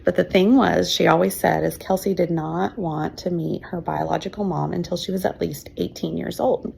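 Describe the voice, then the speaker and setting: A woman's voice: fairly low pitch, steady tone, normal speed, vocal fry, darkish tone, slight background noise. A woman in her fifties, a teacher, telling her own adoption story in an emotional, chatty way with fillers and laughs. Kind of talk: personal storytelling.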